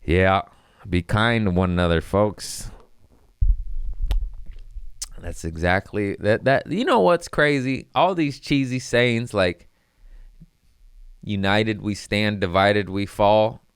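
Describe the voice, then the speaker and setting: Low, crisp-voiced profane comedian. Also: male voice, slow, long pauses, no echo, clean studio sound. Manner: profane, loose, laughs between lines. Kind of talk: casual rambling monologue.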